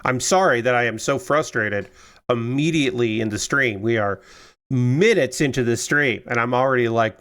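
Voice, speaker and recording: A man's voice: medium pitch, moderate pace, a bit bright. A young man chatting casually on a stream, rambling and exasperated, swearing freely and firing off repeated questions. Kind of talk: casual chat while building a model kit.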